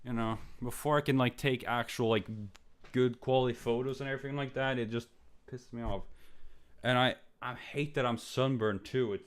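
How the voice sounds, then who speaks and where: A man's voice: fairly even intonation, normal speed, clean tone. A young man streamer venting in a rambling, frustrated way, swearing and stammering through restarts. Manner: jumps to high, loud mimicking when quoting others.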